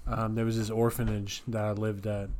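A man with a low, flat voice spins ridiculous tall tales in a relaxed podcast chat. His delivery stays deadpan and even, never cracking as the story gets wilder. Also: normal speed, slight background noise. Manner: deadpan, straight-faced storytelling of absurd tales. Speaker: podcast co-host.

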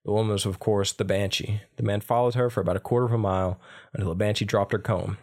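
A man's voice: fairly low pitch, steady tone, fast talker, darkish tone. A man co-hosting a podcast, reading an old folk tale aloud in a casual chat, stumbling and restarting now and then. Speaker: podcast co-host.

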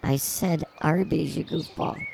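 A woman's voice: low voice, unhurried, vocal fry, darkish tone, slight background noise. A woman co-hosting an improvised comedy podcast outdoors at a zoo, rambling in silly, mock-defiant banter. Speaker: podcast co-host.

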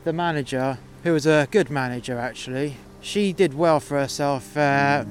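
A man telling a story as a host in a profane comic rant, angrily swearing and tagging lines with "yeah?", recorded outdoors in the freezing cold. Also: mid-range voice.

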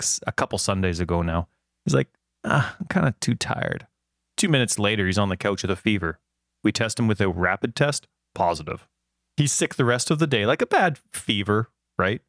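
A man in his thirties, co-hosting a casual chat and telling rambling, animated stories with lots of fillers. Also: lowish voice, brisk, no room sound, clean studio sound. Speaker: podcast co-host.

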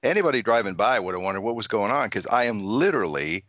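A man's voice: fairly low pitch, quick pace, dry recording. A Canadian man co-hosting a casual chat and telling a funny anecdote, acting out what people said. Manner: animated anecdote teller, acts out quotes.

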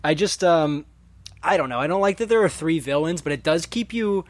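A man's voice: a little high, a little fast, no echo. Easygoing young man reviewing a film. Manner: relaxed, hesitant, full of fillers. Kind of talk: casual movie review chat.

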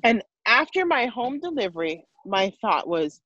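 A woman's voice: a little high, very animated, unhurried, a bit bright, no room sound, lo-fi sound. A woman guest telling a personal story in conversation, earnest and emotional, with many asides and restarts. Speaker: interview guest, mother of five.

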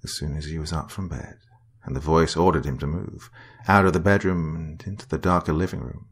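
A man reading a horror story as narrator in a slow, dramatic storytelling manner. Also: rumbling low, fairly even intonation, slightly rough.

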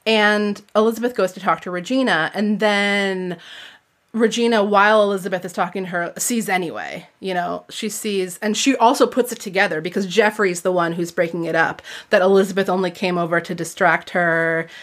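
A chatty woman talks through a novel's plot at a mid-range pitch, full of energy. When she reads passages aloud, she leans into the drama. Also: normal speed, fairly bright tone. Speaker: podcast host. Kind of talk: casual book discussion and reading aloud.

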